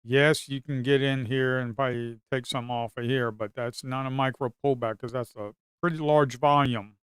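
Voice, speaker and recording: A man giving casual, rambling commentary on his trading screen, excitable and slangy. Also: medium pitch, moderate pace, smooth, no echo, studio quality. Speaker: futures trader and video host.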